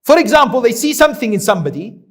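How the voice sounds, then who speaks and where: Man, high voice, preacher, religious lecture, recites Arabic verses, asks rhetorical questions. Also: very animated, rapid-fire. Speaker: Islamic preacher.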